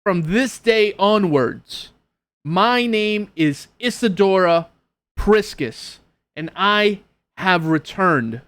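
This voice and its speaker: A man's voice: sits high, lively intonation, slow, a bit bright, no echo, pitched above the performer's own voice, heavily acted. A man voicing a fierce, righteous woman warrior who speaks in grand, old-fashioned proclamations. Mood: proclaiming.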